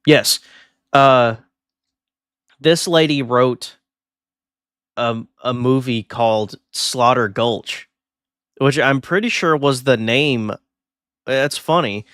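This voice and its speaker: A man's voice: mid-range voice, slow pace, long pauses, fairly bright tone, smooth, no room sound, studio quality. A man streaming a video game and rambling through casual commentary while thinking aloud.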